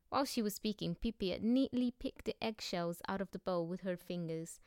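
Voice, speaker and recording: A woman narrating a children's story as an audiobook reading, gentle and measured. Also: mid-range voice, smooth, no room sound, studio quality.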